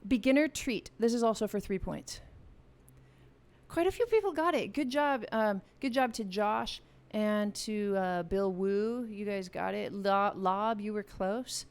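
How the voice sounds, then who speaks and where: A woman's voice: mid-range voice, unhurried, clear, resonant tone. A woman hosting a live-stream game from a home music room, chatty and playful as she explains the rules to her viewers on a studio microphone. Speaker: music channel host running a live game. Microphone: studio vocal mic.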